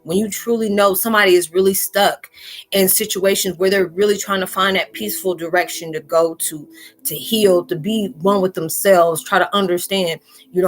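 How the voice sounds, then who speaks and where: Talking a little fast in a mid-range voice, a spiritual vlogger speaks casually and straight out to her audience, sprinkling in plenty of "you know"s. Faint music sits in the background.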